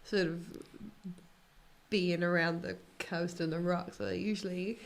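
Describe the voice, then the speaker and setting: A woman's voice: on the low side, little pitch movement, unhurried, vocal fry. An Australian woman, a comedian guest, chatting casually with a giggly manner and short comments.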